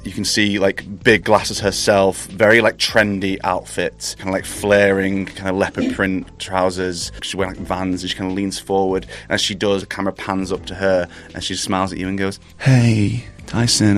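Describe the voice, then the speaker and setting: A man's voice: deep voice, completely flat delivery, normal speed, hardly any pauses, fairly bright tone. A man narrating a tabletop game as game master, in a casual, rambling way with restarts.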